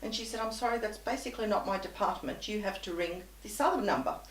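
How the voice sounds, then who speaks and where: A woman's voice: mid-range voice, quick pace, far from the mic, a little hiss or hum. A woman guest telling an anecdote in conversation, animatedly acting out both sides of the dialogue. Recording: echoey room.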